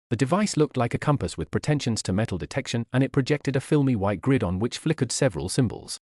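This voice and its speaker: A man narrating an audiobook in an expressive, wry manner on a studio mic. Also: mid-range voice, husky, no room sound.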